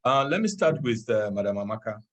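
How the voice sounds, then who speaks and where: A man's voice: fairly low pitch, very animated, a bit bright. A Nigerian man, a political candidate, answering questions earnestly and with feeling over a video call. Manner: earnest, measured, openly moved.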